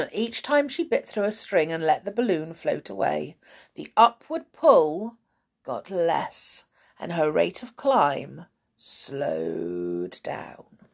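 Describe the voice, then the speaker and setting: A woman narrating a children's story aloud in an expressive, dramatic storytelling manner. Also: deep voice, takes it slowly, vocal fry.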